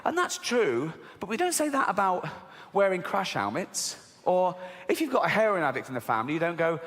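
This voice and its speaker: Stand-up comic, middle-aged, high and lively voice, laughs at his own punchlines, live theater echo. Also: a little fast. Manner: animated, laughing at his own jokes, swearing. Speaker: stand-up comedian. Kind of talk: stand-up comedy routine. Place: large theater stage with a live audience. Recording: live hall recording with long reverb.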